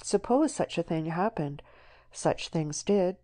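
A woman narrating an audiobook novel in a measured, expressive storytelling manner. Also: lowish voice. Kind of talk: scripted narration.

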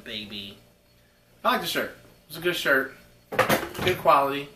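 Brief: male unboxing host, high bright voice, excitable and rambling. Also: unhurried, long pauses, roomy sound. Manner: excitable, rambling, talks to viewers as guys. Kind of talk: casual unboxing chat.

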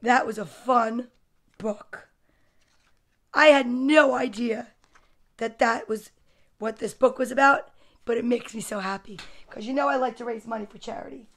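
A woman's voice: fairly high pitch, a little slow, long pauses, fairly bright tone. A woman hosting a casual storytime livestream, chatty and gushing, greeting viewers by name between books. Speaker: storytime host. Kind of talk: casual livestream book reading.

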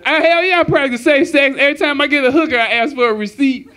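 A man's voice: very high-pitched, fast, bright, forceful tone, slight background noise. A man doing a crude, profane stand-up comedy set on a club stage, laughing at his own jokes.

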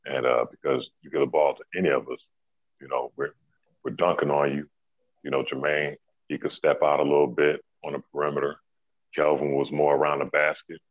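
Super deep voiced middle-aged guy telling hoops stories, laid back, dry tinny sound. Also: level tone, fairly quick, no room sound. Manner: laid-back, laughing storyteller with many "you know"s. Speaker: former pro basketball player, guest. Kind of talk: casual storytelling.

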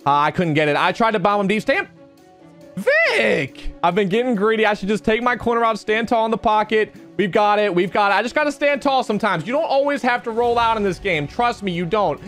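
Excitable young man commentating his gameplay. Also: high-pitched, fairly quick, faint music behind. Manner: excitable, talks to himself while playing, voice jumps up when outraged. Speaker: gaming video creator. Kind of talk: live game commentary.

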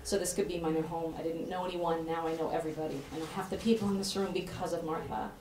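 A woman's voice: low voice, fairly even intonation, quick pace, noisy background. Effusive woman giving an introduction speech. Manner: effusive, chatty, laughs often. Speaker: speaker introducing an author at a bookstore event. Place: bookstore event room with an audience. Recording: roomy hall, voice picked up from a distance, faint ambience.

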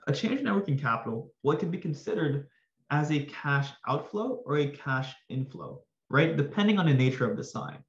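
A man tutoring finance for an exam, talking casually and energetically to viewers with slangy asides, his voice slightly hoarse. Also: medium pitch, echoey room, dull audio. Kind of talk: casual exam-prep lesson.

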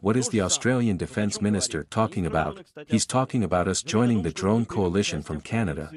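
A man's voice: lowish voice, a little fast, a crowd in the background. Sarcastic male political commentator. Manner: sarcastic, argumentative.

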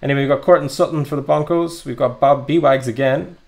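Opening trading card packs on a live stream, a young card breaker keeps the mood upbeat and conversational, dropping in ums and uhs constantly. His mid-range voice has vocal fry, a fairly even intonation, and a slightly quick pace.

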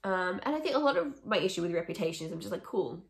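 A woman's voice: on the low side, lively intonation, racing, vocal fry. A young woman vlogging, talking casually and opinionatedly through a song ranking with sarcastic asides. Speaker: music vlogger. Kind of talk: casual ranking chat to camera. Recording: echoey room.

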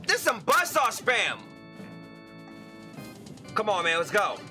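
High bright excitable young man. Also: slow, long pauses, soft background music. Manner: excitable, swings into loud frustrated outbursts and crude joking. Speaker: gaming channel host. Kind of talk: gameplay commentary.

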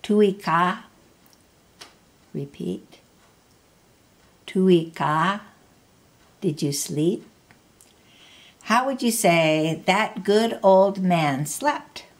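This woman has a fairly low, expressive voice, stretching out her words and leaving long pauses. She teaches a slow spoken language lesson, patiently asking the listener to repeat words and how to say certain phrases.

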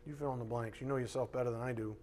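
A male pastor preaching a live sermon, reading scripture aloud and acting out voices in lively asides. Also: medium pitch, rapid-fire. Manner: animated preaching, reads scripture aloud, acts out God's voice in asides. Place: church sanctuary.

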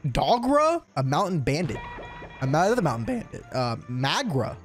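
A man in his twenties giving casual, slangy reaction commentary to an anime episode, laughing loudly and exclaiming often. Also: a little high, moderate pace, soft background music. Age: 20s. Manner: excitable, slangy, bursts into loud laughs.

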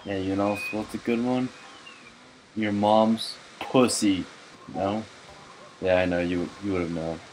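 A drunk man doing gaming commentary, cursing, shouting and laughing as he plays. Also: on the low side, steady tone, slow, pauses often, a little hiss or hum, low-quality recording. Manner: profane, loud outbursts and laughing. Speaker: let's player.

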